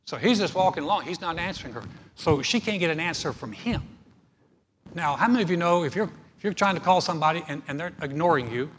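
A male pastor preaching a sermon in a church hall, animated, acting out little scenes as he teaches. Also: on the high side, fast talker. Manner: animated, acts out dialogue. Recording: echoey hall, faint noise.

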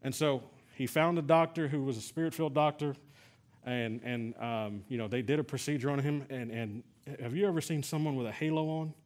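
A man's voice: mid-range voice, fairly quick, darkish tone. A middle-aged man from Texas preaching a sermon, telling a personal story in a conversational way with many fillers and restarts. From San Antonio, Texas. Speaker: pastor.

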